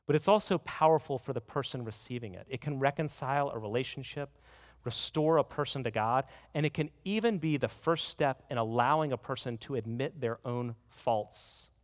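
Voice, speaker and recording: A man preaching a sermon as pastor, earnest, telling a story and slowing down to stress key words. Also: medium pitch. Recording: reverberant hall.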